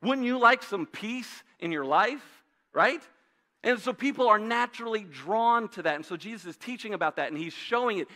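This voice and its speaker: Man, 30s, pastor, conversational sermon, high pitched, bright tone. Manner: conversational, uses asides and rhetorical questions. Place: church sanctuary.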